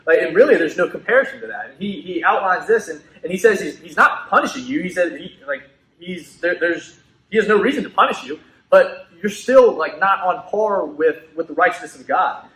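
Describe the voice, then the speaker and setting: A man's voice: high voice, lively intonation, normal speed, pushed and bright. A man co-presenting a student ministry Bible lesson, talking casually and hesitantly, with lots of "like" and restarts. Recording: echoey room.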